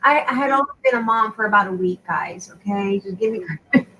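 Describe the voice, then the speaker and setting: A woman's voice: medium pitch, brisk, fairly bright tone, slight background noise, poor audio. A woman chatting casually and telling a self-mocking story about being a new mother. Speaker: co-host of a crafting live show. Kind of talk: casual chat.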